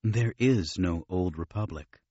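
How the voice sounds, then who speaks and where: Guy doing calm gentle jedi guy, low quiet voice. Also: a little slow, husky, dry recording, lo-fi sound. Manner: gentle, earnest.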